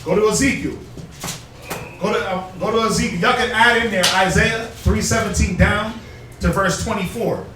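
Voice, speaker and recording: A man's voice: sits high, fairly even intonation, moderate pace. A man leading a preaching class lesson, emphatic, with rhetorical questions and street slang. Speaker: class teacher. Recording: echoey room from far off, faint noise.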